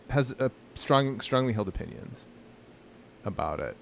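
A man's voice: medium pitch, lively intonation, a little slow, creaky, slight background noise. A man co-hosting a podcast, chatting casually in a rambling, hesitant way full of restarts and fillers. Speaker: podcast co-host. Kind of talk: casual chat.

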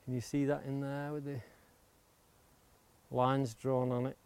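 A man with a mid-range, darkish voice and little pitch movement speaks unhurriedly as he demonstrates woodcarving outdoors near the coast. In this hands-on tutorial he explains each step of shaping a wooden blank with an axe and stresses safety, with clear background noise of axe chops and clicks.

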